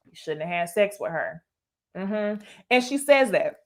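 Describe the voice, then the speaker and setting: A woman's voice: medium pitch, animated, unhurried. A young woman giving casual reaction commentary on a reality show, blunt and profane, laughing often and talking straight to her viewers. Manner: addresses viewers directly as "y'all". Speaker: YouTuber reviewing a reality dating show.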